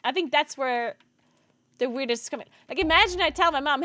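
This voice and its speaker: A woman's voice: sits high, brisk, pushed and bright, no echo. A woman streamer in casual live-stream chat, often laughing as she reacts to her viewers. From Italy. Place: home streaming setup.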